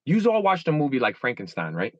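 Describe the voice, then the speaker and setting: Speaking fast on a dry recording with the highs cut off, a guest in his thirties gives a candid interview. He's animated throughout, shifting pitch as he performs his inner dialogue aloud.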